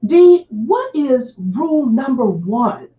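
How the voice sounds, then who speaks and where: A woman hosting an interview who talks fast with high energy in a casual, upbeat manner. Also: very animated. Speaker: host. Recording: echoey, dull lo-fi sound.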